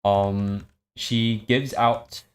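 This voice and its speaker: A man recapping and reading a web serial aloud, halting with many ums. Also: on the low side, steady tone. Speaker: story reader.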